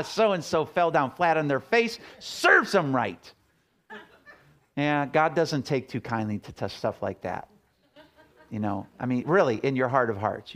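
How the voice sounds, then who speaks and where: A middle-aged man preaching a sermon as a pastor, talking casually and telling stories with acted-out quotes. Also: medium pitch. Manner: conversational, storytelling with acted quotes.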